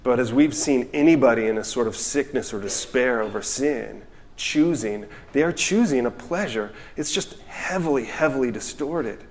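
A male pastor delivering a sermon with earnest, reflective intensity. His voice sits at an ordinary middle pitch, and he often drops to a quieter tone for asides before building back up. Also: animated, normal speed, slight background noise. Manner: earnest, reflective, reads quotes aloud, drops to soft asides.

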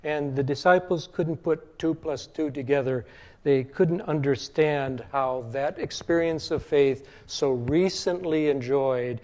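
A man preaching a sermon in a measured teaching tone, slowing down to stress scripture quotes. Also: mid-range voice, darkish tone.

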